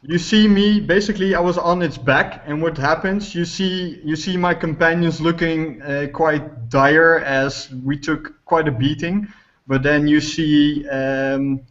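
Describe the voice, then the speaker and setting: A man playing a tabletop game, excitedly describing his character's actions and laughing often. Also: a little high, unhurried. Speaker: player. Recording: muffled lo-fi audio.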